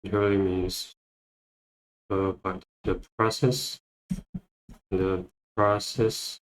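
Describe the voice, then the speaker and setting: A man teaching English vocabulary, repeating each word and phrase slowly as he explains. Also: sits low, little pitch movement, rough recording. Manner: repeats words many times, thinking aloud. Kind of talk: slow, repetitive vocabulary lesson.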